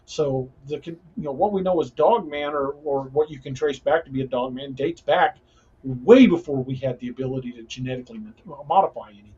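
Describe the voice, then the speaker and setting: Male podcast host, husky, rambling and earnest, muffled lo-fi sound. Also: mid-range voice, a little fast, a little mellow. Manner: rambling, frequent restarts, earnest. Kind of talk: casual paranormal podcast chat.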